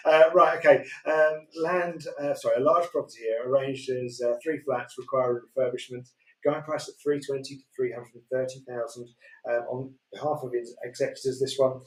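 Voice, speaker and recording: A man's voice: mid-range voice, fairly even intonation, brisk. A man presenting property lots on a live auction show, chatty and hesitant with lots of fillers. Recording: roomy echo.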